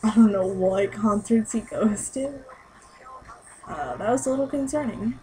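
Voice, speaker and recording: A woman's voice: mid-range voice, measured pace, dark tone, a little hiss or hum, poor audio. A young woman in a casual vlog, chatty and gushing as she recaps a concert, saying "like" constantly. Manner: chatty and gushing, heavy use of "like". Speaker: concert-goer recapping a show.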